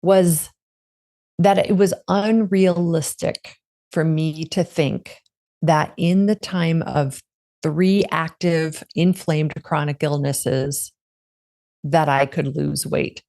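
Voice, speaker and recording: Deep-voiced woman sharing her story. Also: darkish tone. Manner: candid, reflective storytelling. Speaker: guest. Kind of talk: conversational interview.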